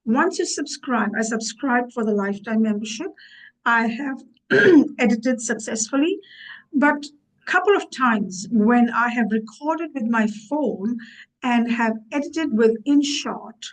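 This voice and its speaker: A woman in her sixties talking to camera for her vlog, earnest and thinking aloud with frequent pauses and fillers. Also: a little high, lively intonation, rough recording. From USA. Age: 60s. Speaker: YouTube vlogger. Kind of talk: casual vlog talk to camera.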